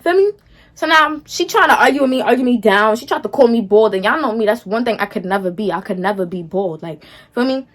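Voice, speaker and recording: Her voice on the high side, a young storytime vlogger speaks fairly quickly and expressively. She shares a personal story in sassy, dismissive slang, speaking straight to her audience and often throwing in "feel me?".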